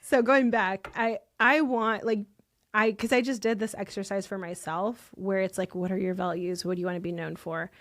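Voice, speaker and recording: A woman's voice: mid-range voice, steady tone, moderate pace. A woman in her thirties, a guest on a business podcast, talking candidly and emotionally, full of "like" fillers. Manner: emotional, effusive, lots of "like" fillers.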